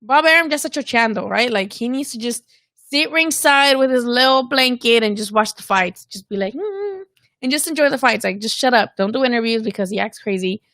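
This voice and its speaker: A woman's voice: fairly high pitch, a little fast, fairly bright tone, dry recording, clean studio sound. A woman hosting a casual live-stream about boxing, talking candidly with plenty of swearing and bits of Spanish slang. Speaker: boxing channel host.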